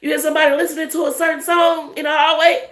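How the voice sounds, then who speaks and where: A woman's voice: high voice, flat delivery, quick pace, fairly bright tone. A woman giving a casual, profane and emphatic tarot reading with laughing asides. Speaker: tarot reader. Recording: echoey room, faint noise.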